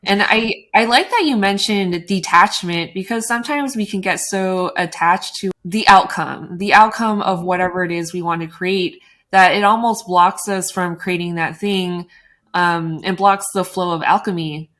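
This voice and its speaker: A woman with a lowish voice hosts a podcast in a relaxed, reflective chat. She speaks in a measured way and often fills with "like" and "you know". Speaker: podcast host. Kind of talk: casual spiritual conversation.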